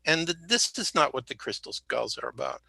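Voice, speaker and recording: A man's voice: mid-range voice, animated, brisk, creaky, sharp tone, no room sound. A man speaking as a guest, rambling and joking as he talks and correcting himself mid-sentence, slightly sick. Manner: rambling, jokey, self-correcting. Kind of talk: casual interview talk.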